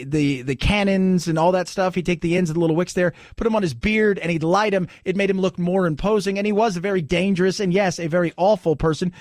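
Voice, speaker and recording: A man hosting a talk radio show, animated and sarcastic, pushing his pitch up and down for emphasis. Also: vocal fry, dry recording, clean studio sound. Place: radio studio. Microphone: studio microphone.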